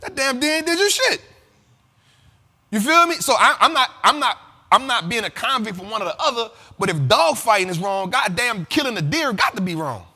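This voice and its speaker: A man hosting an investing show, talking in animated, profane casual commentary and often asking if listeners follow him. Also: very high-pitched, fairly quick, in a large hall. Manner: animated and profane, keeps asking "you feel me?". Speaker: host of a money and investing show.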